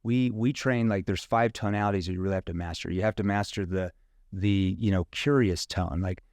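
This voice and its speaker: A man's voice: lowish voice, steady tone, brisk, a little mellow, no room sound, studio quality. A man, a sales trainer guest, explaining his method in casual interview talk, dotting sentences with "you know" and "right?".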